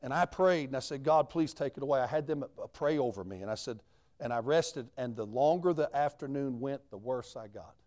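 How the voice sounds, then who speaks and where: A man's voice: medium pitch, expressive, a little fast, darkish tone. A man, a missionary preacher telling his story in a sermon in a folksy, plain-spoken way.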